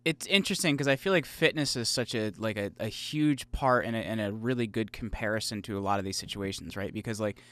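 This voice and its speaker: A man's voice: fairly low pitch, fairly quick, few pauses, a bit bright. A man hosting a podcast, chatting loosely about his own experience with many fillers. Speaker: podcast host. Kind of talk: conversational interview.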